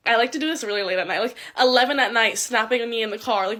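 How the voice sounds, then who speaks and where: A woman's voice: a little high, lively intonation, rapid-fire, few pauses, fairly bright tone. A young woman giving casual advice in a social media clip, rambling and swearing constantly. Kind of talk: casual video advice monologue.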